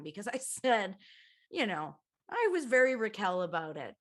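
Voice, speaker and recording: A Canadian woman guesting on a video call, chatting and joking in an animated, self-mocking way with frequent laughter. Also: medium pitch, moderate pace. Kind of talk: casual comedic chat on a video call.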